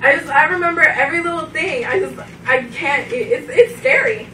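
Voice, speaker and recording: A young woman giving an emotional farewell speech to her trainee group, laughing often and animated. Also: high voice, brisk. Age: young adult. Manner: laughing often, animated, breaks into quoted voices. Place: large meeting room. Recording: echoey room from far off, noisy.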